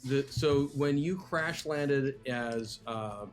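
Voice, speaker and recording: A man's voice: medium pitch, takes it slowly, faint music behind. A man narrating as game master in an upbeat, rambling way.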